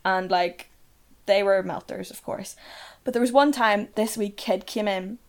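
A young woman with a Northern Irish accent spins casual anecdotes in a loose, chatty flow. She swears without a second thought and fills her sentences with "like". Her pitch sits in the middle range for a woman. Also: measured pace. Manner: chatty, swears freely, peppers speech with "like".

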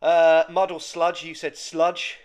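A man co-hosting a casual comedic podcast, dry and low-key, firing off quick quiz questions. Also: little pitch movement, smooth. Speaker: podcast co-host.

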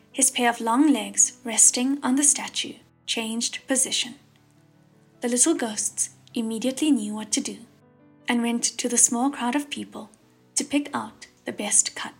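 A woman narrating an audiobook chapter in a steady, expressive storytelling voice. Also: on the high side, slightly rough. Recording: narration over faint background music.

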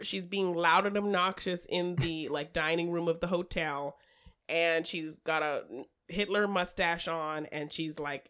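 This is a woman with a slightly low voice, talking in a loose, chatty way about movies. She laughs easily and keeps slipping into quick impressions of the characters she describes. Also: fairly bright tone. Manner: chatty, giggly, acts out characters' lines. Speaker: podcast co-host. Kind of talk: casual film discussion.

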